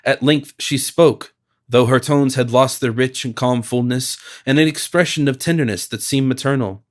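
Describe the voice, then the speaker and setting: A man's voice: medium pitch, moderate pace. Man narrating a classic novel. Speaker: audiobook narrator.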